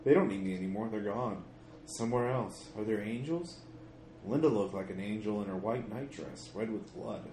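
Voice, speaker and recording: Man voicing a haunted, guilt-ridden father in a horror game, broken phrases, pitch rising, echoey room. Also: moderate pace, darkish tone, close to an everyday voice. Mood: distraught. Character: grief-mad father, middle-aged, haunted and guilty. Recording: echoey room with faint noise.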